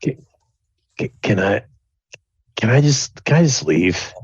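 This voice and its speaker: A man's voice: lowish voice, lively intonation, slow, a little mellow, slightly rough, dry recording, muffled recording, exaggerated voice. A man doing a whiny, beaten bully. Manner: whiny, stammering.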